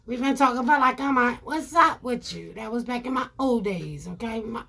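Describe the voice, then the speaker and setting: A woman telling her viewers a personal story in a casual, animated way, repeating herself and calling them y'all. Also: a little high, a little fast.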